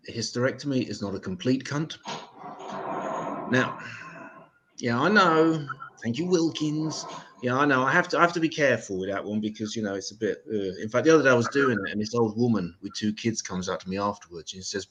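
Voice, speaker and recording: A man's voice: medium pitch, animated, fairly quick, fairly bright tone, slight background noise, rough recording. An English man hosting an open mic comedy show, with profane, self-mocking stand-up banter. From England.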